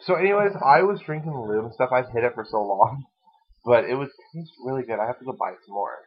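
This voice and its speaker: A man's voice: mid-range voice, animated, quick pace, slightly rough. A young man hosting a casual podcast, rambling and giggling as he talks crudely. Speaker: podcast host. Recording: lo-fi dull recording.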